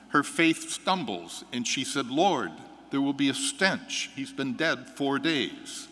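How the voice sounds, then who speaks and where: Bright-voiced priest in a reverberant church. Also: male voice, medium pitch. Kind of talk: gospel reading and homily.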